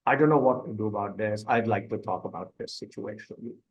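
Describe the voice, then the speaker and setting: A man's voice: fairly low pitch, fast talker, muffled recording, natural voice. A man reading as a worried office worker. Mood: troubled.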